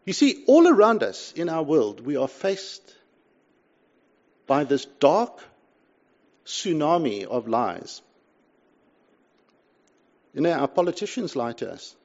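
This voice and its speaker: Older male preacher with a gravelly voice. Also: on the high side, sing-song, slow pace, pauses often, dull audio. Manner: impassioned preaching with wide swings from loud to hushed. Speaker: pastor. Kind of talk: sermon.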